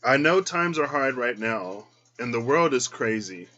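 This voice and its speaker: Emotional man with a bright, lively voice. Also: medium pitch, measured pace, muffled recording. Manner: emotional, choked up, given to squealing quoted reactions. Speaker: tarot reader. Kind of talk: casual vlog chat.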